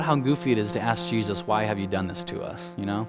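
A man's voice: lowish voice, fast talker, poor audio. A man giving a conversational sermon. He keeps asking his listeners questions and adds lots of casual asides. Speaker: preacher. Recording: music playing clearly behind.

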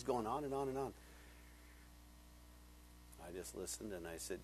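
A middle-aged male pastor giving a conversational sermon, telling stories and swinging from hushed asides to loud emphatic points. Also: fairly low pitch, animated, a little slow, long pauses, a little hiss or hum.

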